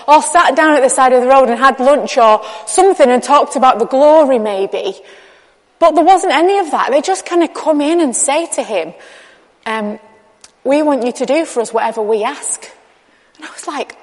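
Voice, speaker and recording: Chatty woman preaching in a hall. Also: on the high side. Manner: candid, chatty, acts out dialogue. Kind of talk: conversational sermon. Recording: long reverb of a large hall.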